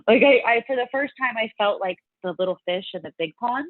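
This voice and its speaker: Very animated and quick, with hardly any pauses, this middle-aged woman from Louisiana speaks in a mid-range voice on a dry recording. She's a fitness competitor guesting in a casual interview, chatting and voicing her own past reactions in quotes over a tinny, phone-like line.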